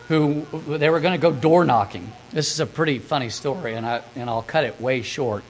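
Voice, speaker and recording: A man giving a sermon, reading scripture passages and then recounting a story in a quieter, quicker way. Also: medium pitch, slight background noise, low-quality recording. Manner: reads scripture aloud, then retells stories in a soft, quick aside. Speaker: preacher recapping a sermon.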